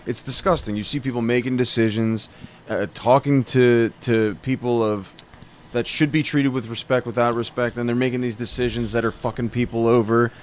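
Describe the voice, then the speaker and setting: A man's voice: mid-range voice, fairly even intonation, moderate pace, slight background noise. A man hosting a podcast, chatting casually in a blunt, profane, preachy way. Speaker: podcast host. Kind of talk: casual chat.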